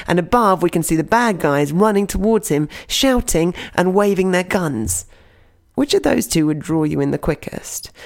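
Animated gravelly woman teaching storytelling. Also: fairly low pitch. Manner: animated, playful, direct to listener. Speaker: storytelling coach and blogger. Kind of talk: audio blog lesson.

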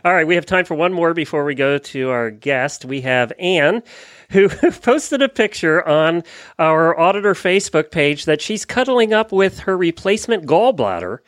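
A man's voice: fairly high pitch, animated, normal speed, a bit bright, no echo. A man co-hosting a radio call-in show, teasing and laughing a lot. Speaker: radio co-host. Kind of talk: casual radio chat.

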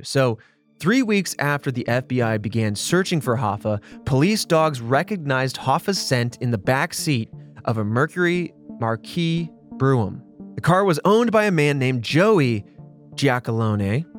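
Man narrating true crime casually. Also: mid-range voice. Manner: conversational storyteller, acts out quotes. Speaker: podcast host.

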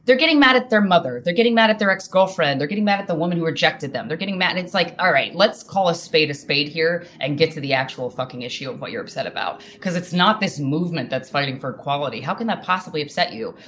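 A woman's voice: deep voice, lively intonation, fast talker, hardly any pauses, fairly bright tone, a little hiss or hum. A woman comedian speaking frankly and casually as a guest in an interview, swearing freely.

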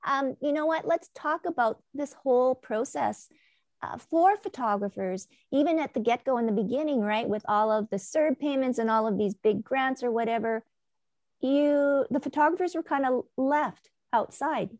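A woman's voice: sits high, normal speed, darkish tone, no echo, clean studio sound. A woman hosting a casual video call chat, chatty and upbeat, laughing easily as she greets her guests. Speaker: host.

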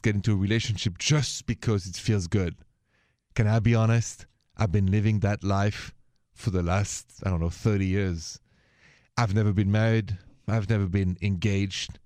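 On his call-in advice program, this middle-aged man from France talks in an easygoing way, his English accented and laced with French expressions. His voice sits lowish, captured in a dry, studio-quality recording.

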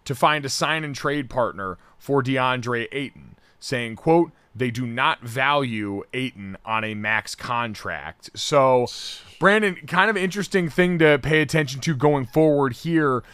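Lebhafter, trockener Podcast-Moderator. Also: male voice, mid-range voice, a little slow, clean tone, no room sound. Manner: animated, sarcastic, jumps to loud mock outrage. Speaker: sports podcast co-host. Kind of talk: casual sports talk.

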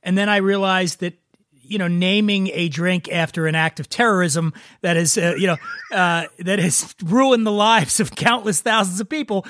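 A man's voice: high-pitched, steady tone, moderate pace, fairly bright tone, no echo. A man hosting a casual drinks podcast, chatting and telling jokes with frequent stammering restarts. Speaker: podcast host. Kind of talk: casual chat, joke telling.

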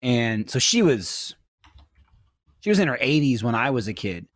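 A man's voice: mid-range voice, sing-song, moderate pace, dry recording. Guy rambling thru a story on a podcast, voice jumping all over, dry close sound. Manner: rambling, storytelling, lots of fillers. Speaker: podcast co-host. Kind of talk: casual chat.

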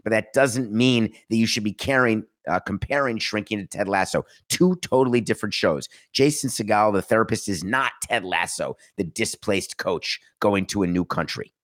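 A man's voice: on the low side, normal speed, few pauses, a bit bright. A man hosting his own podcast, talking emphatically in a solo monologue, full of sarcasm and rhetorical questions. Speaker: podcast host.

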